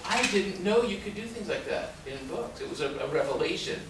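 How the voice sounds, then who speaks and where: A man born in Mexico and raised in San Diego, giving a storytelling talk as an author at a library and often laughing and jumping up in pitch. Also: a little fast, a loud crowd. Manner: lively, laughing storyteller with sudden jumps up in pitch and loudness. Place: public library event room. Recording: very echoey room, distant mic, noisy.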